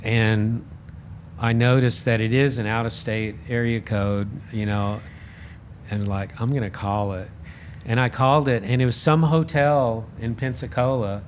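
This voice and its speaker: A man guest on a podcast, telling a story in a casual, animated and self-deprecating way, acting out the voices he quotes. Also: mid-range voice, measured pace, a little hiss or hum. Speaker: podcast guest, radio host.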